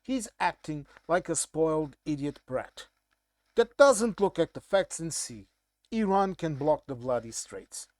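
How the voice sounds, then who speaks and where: Brief: Portuguese-accented man, blunt emphatic commentator, fairly high voice, dry close mic. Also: animated, unhurried, dry recording. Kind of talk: casual monologue commentary.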